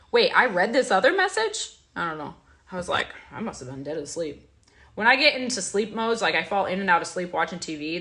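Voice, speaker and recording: A woman's voice: fairly low pitch, pushed and bright. A young woman hosting a casual vlog, talking in an emotional, confiding way with many fillers and restarts. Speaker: host.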